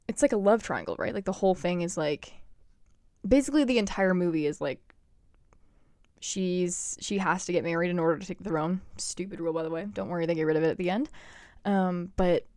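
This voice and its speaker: A woman's voice: lowish voice, no echo, clean studio sound. Gushing young woman chatting on a podcast. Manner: gushing, animated, lots of "like" and "oh my God". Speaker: podcast host. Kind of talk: casual chat.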